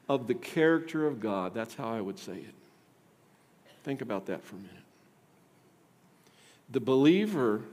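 A male pastor delivering an emphatic sermon in a church, asking the congregation rhetorical questions. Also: mid-range voice. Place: church sanctuary. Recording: long hall reverb from a church.

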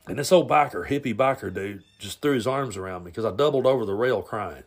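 A man's voice: mid-range voice, lively intonation, brisk, few pauses. Blunt man rambling through a story. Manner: blunt, rambling, stumbles and repeats words. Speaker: podcast host. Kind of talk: casual storytelling monologue.

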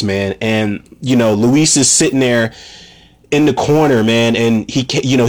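Guy rambling thru a movie recap, swears a lot, says you know and man constantly, mid-pitched voice. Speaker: movie reviewer.

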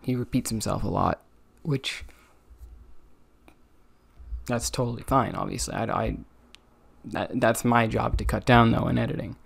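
A man's voice: mid-range voice, steady tone, unhurried, vocal fry, long pauses, slightly rough, no echo. A tired young man hosting his own podcast, rambling casually with lots of ums and self-critical asides. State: tired, yawning. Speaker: podcast host. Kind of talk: casual solo podcast review.

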